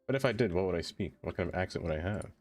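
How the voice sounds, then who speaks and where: A low-voiced man talks casually through a live game stream, drifting from topic to topic as he replies to chat. His manner is self-deprecating and loose. Soft music plays faintly underneath. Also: expressive, rapid-fire. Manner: rambling, self-deprecating, answers chat aloud.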